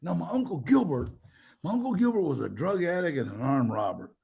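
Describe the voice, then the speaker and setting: An older man telling his own life stories in a casual interview, animated, with many restarts and acted-out quotes. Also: on the high side, brisk, creaky, husky. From United States.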